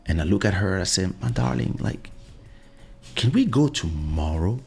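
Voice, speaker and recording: Podcast host, middle-aged man, low and gravelly, casual storyteller, faint music bed. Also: big pitch swings, moderate pace, a little mellow. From France. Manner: storytelling, repeats "listen" often. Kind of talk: casual monologue.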